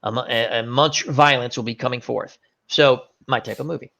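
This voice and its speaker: A man's voice: mid-range voice, fairly even intonation, normal speed, vocal fry, fairly bright tone. A man hosting a casual chat, retelling scenes animatedly with fillers and self-corrections. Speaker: host. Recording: dull lo-fi recording.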